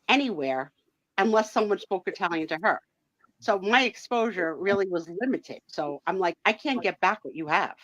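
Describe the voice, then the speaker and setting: A woman's voice: fairly low pitch, fairly bright tone, dry recording. A woman hosting a live sale and chat, telling stories in a chatty way and laughing often. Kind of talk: casual chat. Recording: dull, dry lo-fi sound.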